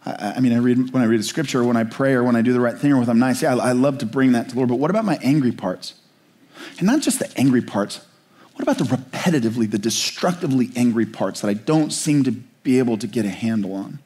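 A man preaching a sermon as a pastor, passionate and searching, with slow pleading questions and quicker explanatory asides. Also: mid-range voice, darkish tone.

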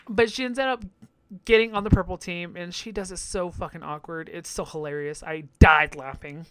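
A man's voice: high-pitched, fairly even intonation, moderate pace, clear, resonant tone, no echo. A man hosting a podcast, giving a campy, profane recap full of laughter. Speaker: podcast host. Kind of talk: casual recap commentary.

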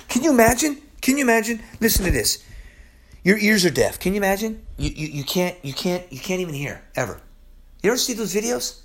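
A man's voice: sits high, lively intonation, fairly quick. A man teaching from the Bible in a casual, slangy way. He is hyper and acts out the characters as he goes. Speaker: preacher.

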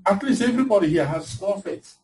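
A man preaching a lively sermon, laughing and slipping into the voices of the people in his stories. His voice sits a little high. The mic is some way off, with a faint hiss behind him. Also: fast talker. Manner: animated, laughing, acting out quoted voices. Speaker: pastor. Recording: distant mic with faint background noise.

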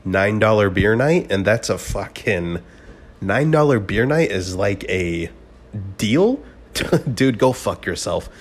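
Man in his twenties, lowish voice, swearing, rambling casual monologue. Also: animated, slow, faint music behind. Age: 20s. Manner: profane, rambling, bro-ish storytelling. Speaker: podcast host.

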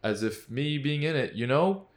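A man's voice: mid-range voice, animated, normal speed. A man co-hosting a casual movie review podcast, laid-back and hesitant, with frequent ums. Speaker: podcast co-host.

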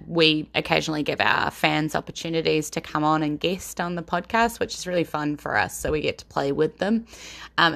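A woman's voice: deep voice, vocal fry, fairly bright tone. A woman with a New Zealand accent, chatting casually and rambling cheerfully as a podcast host. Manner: chatty and rambling, quick to laugh. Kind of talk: casual chat.

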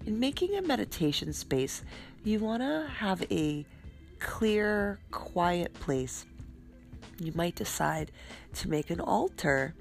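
A woman hosting a podcast, talking casually about spiritual self-care while a little stuffed up, in a relaxed, chatty way. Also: lowish voice, creaky. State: stuffed up, congested. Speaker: podcast host.

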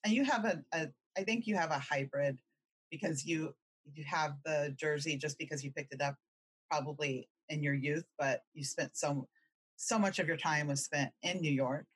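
A woman chatting casually, chiming in and agreeing, with a husky voice. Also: low-pitched, no room sound. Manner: chatty, quick to agree and chime in. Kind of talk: casual chat.

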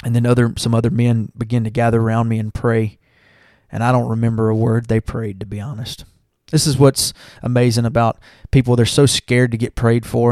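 A man's voice: medium pitch, darkish tone, smooth, dry recording, studio quality. A young man, earnestly telling his church testimony and talking to listeners as y'all. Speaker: church member giving testimony. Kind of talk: personal testimony.

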